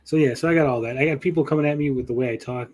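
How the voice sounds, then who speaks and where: A man hosting a podcast in casual chat, swearing freely and talking with pauses. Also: mid-range voice. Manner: chatty, swears often, lively swings in loudness; speaks with pauses. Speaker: podcast host and YouTuber.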